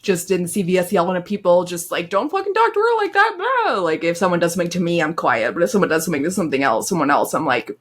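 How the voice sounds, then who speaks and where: A young woman co-hosting a podcast talks very fast with few pauses, her low voice carrying a breathy edge. It's casual chat, and she laughs often and swears freely.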